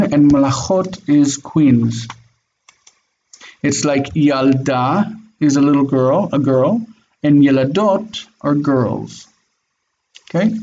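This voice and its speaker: A man's voice: on the high side, mellow. A man teaching Hebrew in an online class, patiently explaining and affirming students with frequent "mm-hmm"s. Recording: dull lo-fi audio with faint noise.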